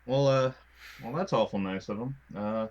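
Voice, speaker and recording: A man voicing a wary young village man who speaks with a Southern US twang in a halting, folksy way. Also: medium pitch, a little mellow, muffled recording, lightly acted. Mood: guarded.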